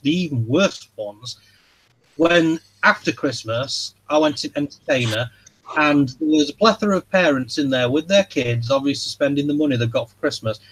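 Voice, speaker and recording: A man, chatting on a live stream in a rambling, sweary rant. His voice sits a little high for a man. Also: low-quality recording. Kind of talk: casual chat.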